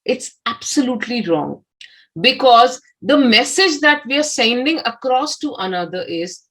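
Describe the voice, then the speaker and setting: A woman with an Indian English accent, a communication skills trainer giving a lively motivational lecture and asking her audience questions. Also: fairly high pitch, unhurried, rough recording. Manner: expressive, acts out example replies, asks the audience questions.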